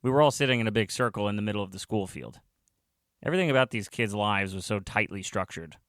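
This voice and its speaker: A man's voice: lowish voice, fast talker, a bit bright, dry recording, clean studio sound. A man narrating a comic story in the first person, with wry, self-mocking asides.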